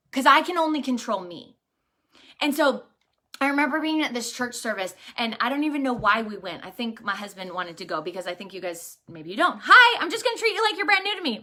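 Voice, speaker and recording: A woman's voice: fairly high pitch, sharp tone. A woman in her thirties giving an impassioned, conversational faith talk to camera, emphatic, earnest and direct. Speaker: faith encourager and business owner.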